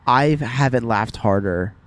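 A man's voice: mid-range voice, unhurried, a little hiss or hum. A man co-hosting a casual podcast, telling a funny story with lots of laughter and acted-out quotes. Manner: animated storyteller who laughs a lot. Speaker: podcast co-host. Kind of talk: casual chat.

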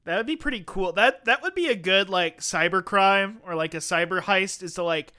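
High, bright-voiced goofy male podcast host. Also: normal speed, clean tone. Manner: goofy, laughs often, rambling absurd bits. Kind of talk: casual comedic podcast banter.

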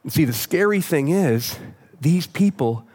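A man's voice: fairly high pitch, lively intonation, unhurried, warm tone. Joking conversational male pastor. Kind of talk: sermon. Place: church auditorium with live audience.

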